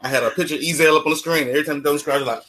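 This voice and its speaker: A man's voice: fairly high pitch, fairly even intonation, rapid-fire, very noisy. A man guest in a casual video-call chat, telling a story and laughing at himself.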